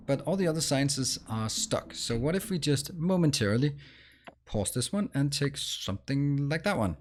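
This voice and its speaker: Man, game commentary, explaining as he plays, average pitch, frequent fillers. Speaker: let's play host. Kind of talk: gameplay commentary.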